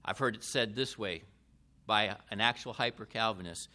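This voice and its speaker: A man preaching a sermon in a deliberate way, with emphatic rises and falls. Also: lowish voice, pushed and bright.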